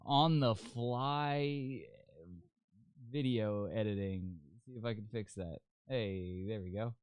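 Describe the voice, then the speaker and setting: Male podcast host, crude sarcastic political ranter, smooth voice, dry close mic. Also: fairly low pitch, slow pace, no room sound. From Canada. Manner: loud, crude and sarcastic, with frequent restarts. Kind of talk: ranting political commentary.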